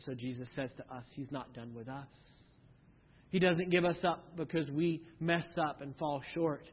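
A man's voice: mid-range voice, flat delivery, moderate pace, breathy edge. A man preaching a sermon, earnest, often repeating a word as he restarts and asking the listeners questions. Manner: earnest, stumbles and repeats words, rhetorical questions. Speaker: pastor. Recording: tinny phone-like sound with long hall reverb.

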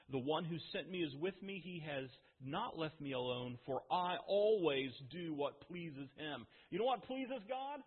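Guy preaching in a church, kinda higher voice, thin phone-like sound with long echo. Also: breathy edge. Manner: conversational preaching with rhetorical questions and dramatic pauses. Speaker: pastor. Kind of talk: sermon. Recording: phone-like audio with long hall reverb.

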